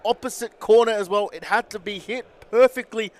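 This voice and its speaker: A man giving animated co-commentary and analysis on a futsal match. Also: high voice, fairly quick. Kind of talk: live sports commentary.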